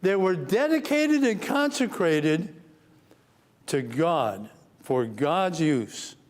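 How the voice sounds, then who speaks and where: Male pastor teaching a church class, slightly high voice, earnest, slows for scripture and sinks quiet and grave. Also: expressive. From United States. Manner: earnest, reads scripture slowly, drops to a low somber tone. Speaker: pastor teaching Sunday school. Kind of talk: Bible teaching sermon.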